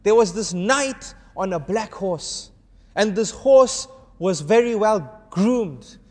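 A man preaching to an audience, telling a story and acting out its dialogue with animated shifts of voice. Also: sits high, slow pace, in a large hall. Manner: urges the audience to answer. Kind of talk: storytelling sermon.

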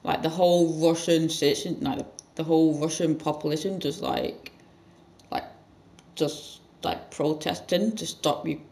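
A gaming channel host giving rambling let's-play commentary with sudden loud outbursts. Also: mid-range voice.

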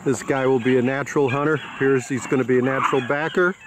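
A man's voice: medium pitch, steady tone, quick pace. A man who breeds dogs narrates casually while filming outdoors with a handheld camera, proudly commenting on the animals. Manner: proud, fond commentary on the puppies. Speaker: dog breeder. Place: outdoors in a yard by a quail coop. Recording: outdoor noise with crickets and insects.

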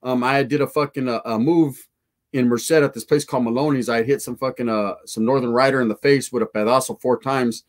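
A man's voice: mid-range voice, steady tone, a little fast. A man telling a profane, slangy street story to his live chat.

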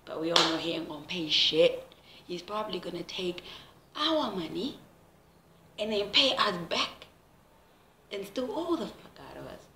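A young South African woman with a South African accent, ranting to camera in a casual comedic vlog, animated and exasperated. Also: lowish voice, a little slow, pauses often, slight background noise. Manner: animated, exasperated, swears freely. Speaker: vlogger. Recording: echoey room with loud music behind.

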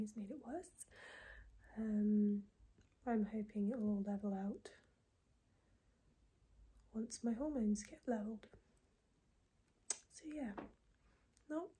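A woman in her twenties talking casually in a video diary, soft and breathy, often near a whisper, low and tearful. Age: 20s. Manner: soft, breathy and often close to a whisper, with many pauses and fillers. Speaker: vlogger.

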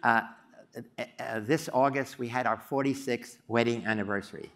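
An older man giving a storytelling lecture, halting often with uh and um. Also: mid-range voice, steady tone, fairly bright tone, slight background noise. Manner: halting, many uh and um fillers. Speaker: psychology professor giving a talk.

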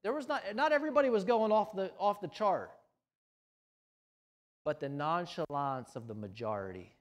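A male pastor delivering a sermon, swinging between loud emphasis and hushed lines. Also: sits high, expressive, moderate pace. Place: church sanctuary.

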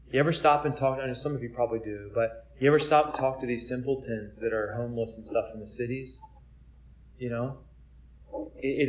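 Friar guy preaching casually, mid-pitched voice, lots of rhetorical questions, repeats himself. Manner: conversational, asks many rhetorical questions; repeats words as he restarts. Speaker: Catholic friar. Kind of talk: informal preaching talk.

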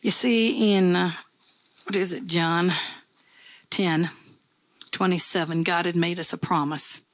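A woman's voice: fairly low pitch, steady tone, takes it slowly, dry recording. A woman pastor preaching a sermon in a conversational, folksy storytelling way, with repeated phrases.

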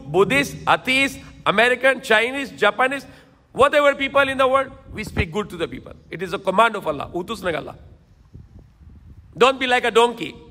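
A man's voice: sits high, sharp tone, in a large hall, slight background noise. A man preaching a sermon lecture in emphatic, repetitive phrases, now and then switching into Tagalog. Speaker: Islamic preacher.

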